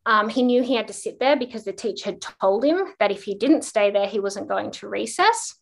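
A woman's voice: medium pitch, a little fast, creaky. A woman guest on a parenting podcast, casually telling a personal story and acting out the quotes. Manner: lively anecdote telling with acted-out quotes.

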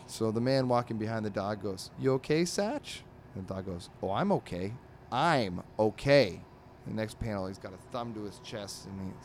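A man hosting a comedy podcast, rambling through comic strips in a halting way with many ums and restarts. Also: fairly low pitch, darkish tone, a little hiss or hum.

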